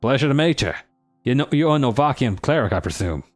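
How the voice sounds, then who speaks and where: A man's voice: mid-range voice, lively intonation, brisk, faint music behind, pitched above the performer's own voice, close to an everyday voice. A man voicing a boastful, cheerful male dwarf historian in a put-on Australian accent that drifts toward Cockney, with a jaunty, theatrical delivery.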